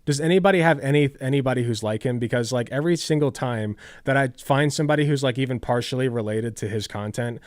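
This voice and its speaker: A man's voice: mid-range voice, fast talker, hardly any pauses, darkish tone, no room sound, clean studio sound. A tired man live-streaming, chatting casually, rambling with lots of "like" and swearing.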